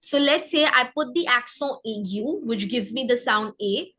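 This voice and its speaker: A woman teaching French pronunciation, saying example words slowly so learners can repeat after her. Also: on the high side, sharp tone, low-quality recording. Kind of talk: pronunciation lesson.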